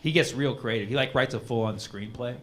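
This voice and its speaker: A man's voice: mid-range voice, brisk, slight background noise. A male stand-up comedian on a club stage, talking in a rambling, conversational way full of "like" and "man". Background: audience laughter.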